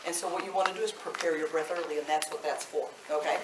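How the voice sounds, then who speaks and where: A woman in her fifties, a voice teacher leading a live vocal workshop, chatty and animated, laughing often. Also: lowish voice, fairly quick, very noisy. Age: 50s. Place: indoor workshop room. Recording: echoey room, mic at a distance.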